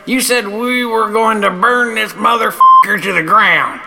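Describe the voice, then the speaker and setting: A man playing a brash, gravelly adventurer. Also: sits high, measured pace, big-room sound. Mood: impatient. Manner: brash, profane. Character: impatient young man adventurer, crude and eager.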